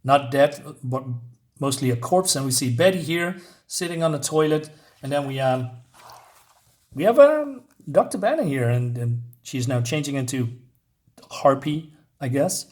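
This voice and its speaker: A man's voice: medium pitch, expressive, measured pace, pauses often, darkish tone. A man casually reviewing a comic book issue, rambling and hesitant with lots of fillers.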